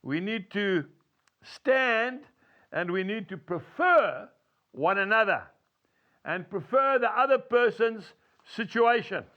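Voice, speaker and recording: A man's voice: high voice, animated, takes it slowly, highs cut off. A man giving an earnest devotional talk, telling folksy stories with chuckles. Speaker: preacher.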